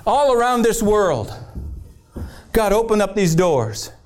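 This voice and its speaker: Fired-up high-voiced male preacher. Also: big pitch swings, slow. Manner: fired-up, emphatic, preaching with rising intensity. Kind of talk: fiery sermon.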